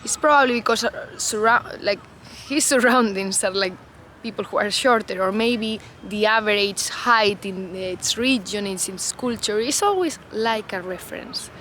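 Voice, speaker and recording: Woman vlogger, unscripted musings, meandering delivery with constant fillers, mid pitch; traffic audible behind. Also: moderate pace, few pauses, pushed and bright, low-quality recording. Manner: reflective, loose, heavy on "you know" and "like" fillers. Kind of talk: unscripted talk to camera.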